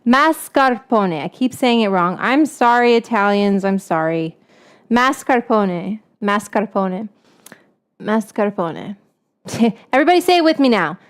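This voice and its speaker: A woman's voice: fairly high pitch, lively intonation, a little fast, clean tone. A woman hosting a casual cooking livestream, chatting playfully while she whisks and stirs, often joking at her own expense. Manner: playful, chatty, self-mocking. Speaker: cooking show host. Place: home kitchen.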